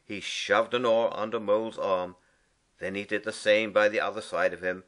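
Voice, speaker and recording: A man reading a storybook aloud as narrator, slow and expressive. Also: fairly low pitch.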